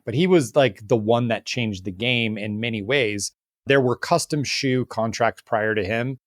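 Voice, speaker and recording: A man's voice: mid-range voice, no echo, clean studio sound. A man hosting a podcast interview, asking long questions and acting out what the guest might have thought. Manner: animated questioner, acts out hypothetical quotes. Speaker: podcast host. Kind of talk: casual interview conversation.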